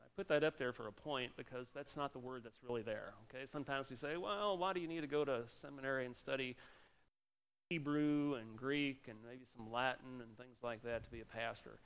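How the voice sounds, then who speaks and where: A middle-aged man, a pastor, giving a sermon in an animated preaching manner with sudden loud exclamations. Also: medium pitch, fairly quick.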